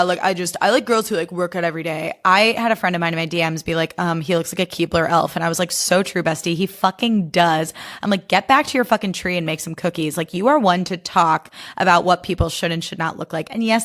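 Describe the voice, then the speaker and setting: A woman's voice: fairly low pitch, a bit bright. A young woman hosting a podcast, chatting casually and sarcastically, with lots of fillers and swearing. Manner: chatty, fast, sarcastic, swears a lot, heavy 'like' fillers. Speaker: podcast host. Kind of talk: casual chat.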